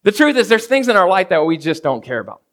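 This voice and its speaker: A man's voice: high voice, sing-song, quick pace, a bit bright. A man preaching a conversational sermon as a pastor, often checking in with "right?" and acting out everyday scenes. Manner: casual, keeps asking "right?" of the congregation; acts out everyday scenes in quoted voices.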